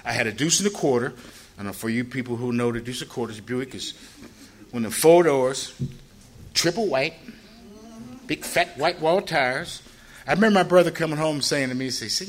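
An older man from Ohio telling his own story in a loose, rambling way, jumping his voice up high when he acts out what people said. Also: normal speed, long pauses. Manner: animated, acts out quoted people with a raised voice; loose, rambling with frequent "you know" asides. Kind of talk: personal storytelling.

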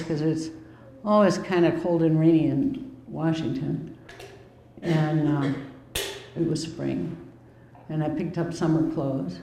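In a rough recording with a roomy sound, a woman in her fifties from Milwaukee shares her recovery story frankly and conversationally, with dry, wry asides. Her voice is low-pitched and creaky, with a dark tone.

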